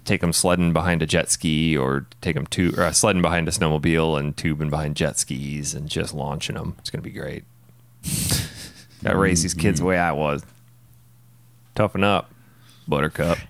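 A man in his thirties co-hosting a podcast in casual chat, jokey and quick to laugh at his own lines. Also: a bass voice, steady tone, no echo. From Wisconsin, USA. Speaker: podcast co-host.

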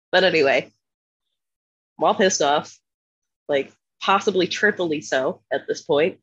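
A woman from Philadelphia telling a profane, animated story in casual podcast chat, laughing often. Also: low voice, husky, no echo, highs cut off. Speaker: podcast co-host.

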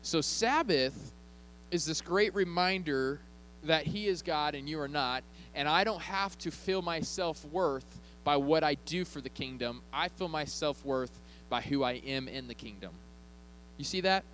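A man's voice: on the high side, measured pace, fairly bright tone, a little hiss or hum, poor audio. A man preaching a sermon as pastor of his church, speaking conversationally, joking with the congregation and often checking in with them.

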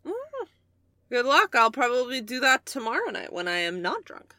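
A young woman playing in a tabletop game, with a high, bright voice that swoops up and down. She is playful and excitable and keeps jumping in. The recording is dry and close. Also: normal speed, dry recording. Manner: playful and excitable, jumps in often. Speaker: player. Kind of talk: casual tabletop game play.

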